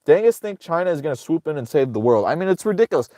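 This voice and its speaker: A man's voice: on the high side, sing-song, fast talker, warm tone, no echo, clean studio sound. Sarcastic, profane ranting man. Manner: sarcastic, profane, rambling with many restarts. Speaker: political commentator host. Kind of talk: casual ranting livestream commentary.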